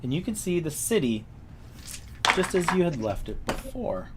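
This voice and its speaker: A man narrating a tabletop role-playing game as game master, describing scenes in a relaxed way with fillers. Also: high-pitched, normal speed, very noisy.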